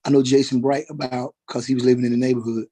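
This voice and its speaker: A man testifying as a witness in a courtroom, halting and repeating words as he goes. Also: mid-range voice, little pitch movement, mellow. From Atlanta, Georgia, US.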